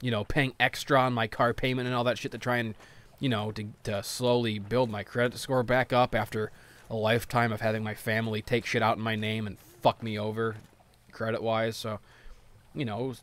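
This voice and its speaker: A man's voice: mid-range voice, fairly bright tone. A man ranting in grumbly, profane, casual gameplay commentary.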